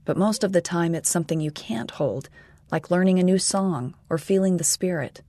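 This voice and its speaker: A man voicing a patient, gentle mother who calmly explains things to her young son, in a storybook reading. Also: high-pitched, normal speed, dry recording, voice pushed up.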